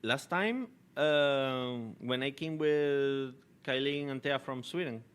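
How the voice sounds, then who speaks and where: A man's voice: medium pitch, slow, fairly bright tone, clean tone. A man co-hosting a podcast in casual chat, giving short agreeing replies and restarting his sentences. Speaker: podcast co-host.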